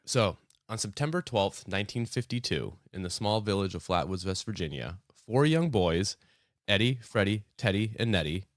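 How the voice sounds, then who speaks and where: A man's voice: on the low side, lively intonation, moderate pace, no room sound, clean studio sound. A young man hosting a casual podcast, joking, swearing and rambling with lots of fillers. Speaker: podcast host.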